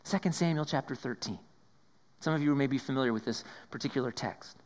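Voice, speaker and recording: A man preaching a sermon, swinging between raised emphasis and hushed whispers and often repeating his words. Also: medium pitch, a little fast. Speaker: pastor.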